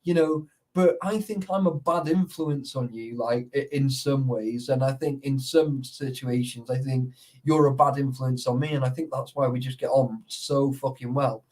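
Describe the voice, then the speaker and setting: A man, telling stories in a sweary, animated casual chat about urban exploring. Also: mid-range voice, normal speed.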